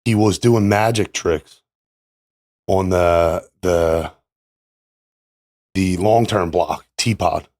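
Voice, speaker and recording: A man who is a podcast guest, speaking earnestly and haltingly in casual conversation. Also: low voice, a little mellow, dry recording, studio quality. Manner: earnest, halting, many fillers. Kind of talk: casual conversation about recovery.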